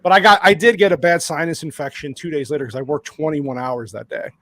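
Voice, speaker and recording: Guy on a podcast telling a hyped-up story, kinda high voice, super dry sound. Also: fast talker, no echo. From lives in Arizona. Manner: excited, rambling anecdote with many restarts. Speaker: guest.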